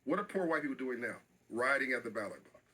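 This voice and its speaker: A man's voice: mid-range voice, lively intonation, quick pace, pushed and bright, slight background noise, poor audio. A middle-aged man speaking as an interview guest, passionate and emphatic, often repeating phrases for stress.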